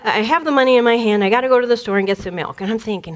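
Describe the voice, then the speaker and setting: A woman with a fairly high voice tells a story from her childhood. She speaks in an animated way, laughs easily and slips into the voices of the people in her tale. She is from the Detroit area and speaks as a spiritual speaker. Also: racing. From Detroit area, USA. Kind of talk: personal storytelling talk.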